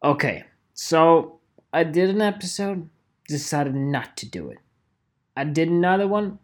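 A man's voice: takes it slowly, pauses often. A man hosting his own photography show, ranting casually and swearing, with lots of "okay?" checks. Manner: animated, swearing, with lively swings in pitch and repeated "okay?". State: tired. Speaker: photography podcaster. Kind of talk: casual solo vlog rant.

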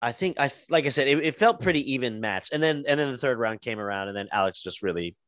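A man's voice: medium pitch, expressive, fast talker, fairly bright tone, no room sound. Rambling man in dry casual chat. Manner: rambling, full of ums and restarts. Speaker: podcast co-host.

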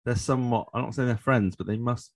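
A man's voice: medium pitch, steady tone, fast talker, darkish tone. A man co-hosting a podcast, chatting casually, laughing easily and tagging on questions. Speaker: podcast co-host. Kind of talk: casual chat.

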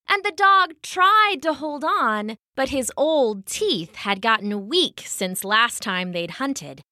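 A woman narrating a children's story in an expressive, animated way. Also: fairly high pitch, no room sound, clean studio sound.

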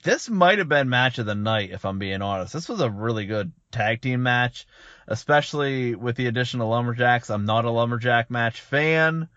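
A man co-hosting a podcast, recapping matches in a measured, casual way. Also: mid-range voice, lively intonation, a bit bright, dry recording, muffled recording. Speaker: podcast co-host. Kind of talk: casual chat.

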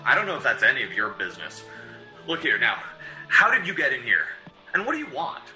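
A man's voice: fairly low pitch, big pitch swings, fast, bright, forceful tone, soft background music, heavily acted, poor audio. An actor playing a flustered, stammering male mystery writer in an old-time radio drama.

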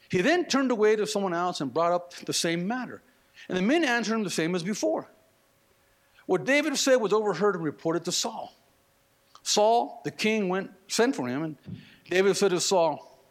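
A man preaching a sermon, animated, with slangy asides and acted-out quotes. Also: high-pitched, moderate pace. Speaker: pastor.

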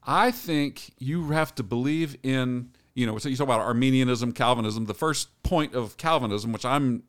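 A man's voice: mid-range voice, moderate pace, a bit bright, clean tone. A middle-aged man co-hosting a podcast, telling stories and talking about faith in a casual, rambling way with many restarts. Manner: rambling, storytelling, self-correcting. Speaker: podcast co-host.

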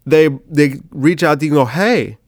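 A man's voice: on the high side, flat delivery, brisk, darkish tone, no echo, clean studio sound. A sick man hosting his comedy podcast, rambling loosely with swearing and lots of "dude". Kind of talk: casual rambling monologue.

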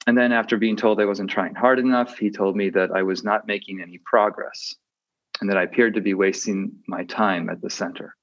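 A man's voice: on the low side, fairly even intonation, fairly quick. A man giving a reflective dharma talk as a meditation teacher. He often hesitates with fillers and restarts his sentences. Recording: dull muffled audio.

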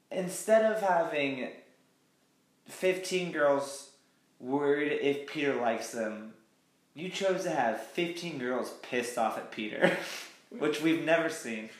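A man's voice: medium pitch, roomy sound. A man co-hosting a podcast, recapping episodes in casual chat and acting out quotes in mocking voices. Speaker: podcast co-host.

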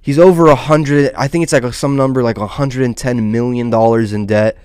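A man's voice: medium pitch, fairly even intonation, fairly quick, darkish tone, clean tone, no echo, clean studio sound. A man hosting his own small online channel, rambling through casual, profane commentary full of restarts and "dude.".

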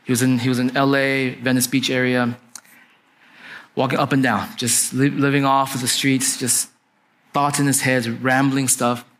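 This pastor, a young adult man, preaches conversationally through storytelling and keeps turning to the congregation with "right?" His mid-range voice is a bit bright, delivered flatly at a moderate pace.

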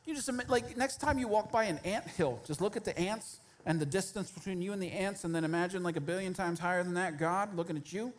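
A man in his thirties preaching a sermon as pastor, telling a biblical story in an animated way and acting out its characters. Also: high-pitched, fast, hardly any pauses.

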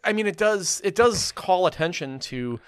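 A man talking casually about a movie, rambling with lots of restarts and fillers, getting animated as he argues. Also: high voice, normal speed, clean tone, no echo. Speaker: film podcast co-host. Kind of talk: casual film review chat.

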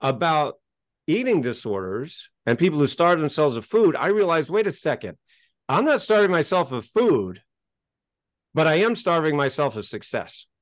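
Animated middle-aged man, dry close sound. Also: fairly high pitch, normal speed, no echo. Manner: animated and emphatic, gets worked up. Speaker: interview guest. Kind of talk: storytelling in a podcast interview.

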